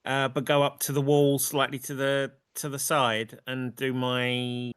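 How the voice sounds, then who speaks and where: Smooth-voiced man, flat delivery. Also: medium pitch, a little slow, no echo, studio quality. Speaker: player. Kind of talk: casual chat at a game table.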